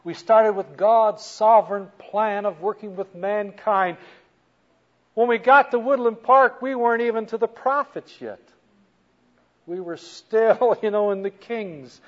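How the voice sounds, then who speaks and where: A man preaching a sermon as a story, animated, moving from soft to loud. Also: high-pitched, measured pace, highs cut off.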